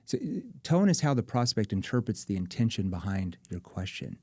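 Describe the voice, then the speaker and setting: Man, sales trainer type, lively and demonstrative, mid pitch, dry close-miked sound. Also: normal speed, no echo. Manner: demonstrative, acts out tones of voice. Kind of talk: animated instructional chat.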